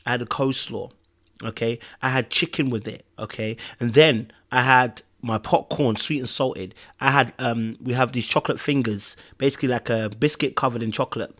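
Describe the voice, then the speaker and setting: A man hosts a podcast in casual, rambling chat, often checking in with "okay?" and "you know what I mean." His mid-range voice is a bit bright, with fairly even intonation and normal speed.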